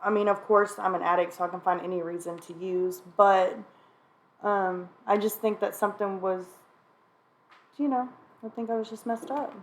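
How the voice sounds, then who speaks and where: A woman speaks candidly in a relaxed sit-down conversation with her sister. Her voice sits at an ordinary middle pitch. She talks frankly and openly, breaking into laughter now and then and often clearing her throat. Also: moderate pace. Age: adult, mother of a child. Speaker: sister sharing her recovery story. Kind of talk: candid conversation about addiction.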